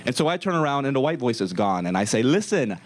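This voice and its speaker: A young man telling a comic story to a live audience in a comedy club, wry and deadpan sarcastic. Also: medium pitch, quick pace, noisy background.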